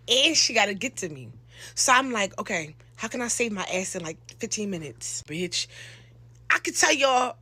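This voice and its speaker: A young woman, telling a slangy, animated storytime into a close phone mic. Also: medium pitch, no room sound. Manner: animated, slangy, acts out quotes with loud shouts. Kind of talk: storytime monologue.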